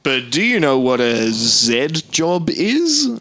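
A man's voice: mid-range voice, huge pitch swings, slow pace, fairly bright tone, no echo. A man co-hosting a podcast, making dry, jokey remarks in casual chat. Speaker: podcast co-host.

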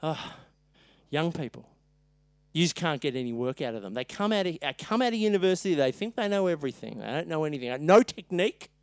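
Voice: mid-range voice, expressive, brisk, dry recording, voice pushed down, lightly acted. A podcaster voicing a cranky older male dentist who scolds his young assistant impatiently. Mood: contemptuous.

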